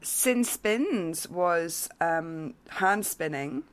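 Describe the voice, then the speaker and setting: A woman hosting a casual craft podcast, reading listener notes aloud in a halting way with fillers. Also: lowish voice, lively intonation. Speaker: podcast host.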